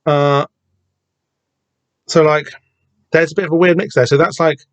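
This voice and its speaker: A man's voice: a little high, steady tone, a little slow, dry recording. Hesitant man with a dry voice. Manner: hesitant, lots of restarts and casual swearing. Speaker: podcast host discussing a comic. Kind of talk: casual rambling commentary.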